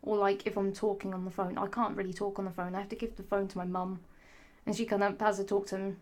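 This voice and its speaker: A young woman rants on her vlog with a sarcastic, sassy edge. She swears freely and keeps drifting off topic, talking at a middling pitch. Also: little pitch movement, fast talker, a little mellow. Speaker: vlogger. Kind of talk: ranting casual monologue.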